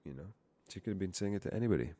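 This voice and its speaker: A man's voice: low-pitched, lively intonation, rapid-fire, mellow, dry recording. A young man streaming while coding, rambling and profane, often cutting himself off mid-word. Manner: rambling, profane, self-interrupting. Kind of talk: casual live-stream chat while coding.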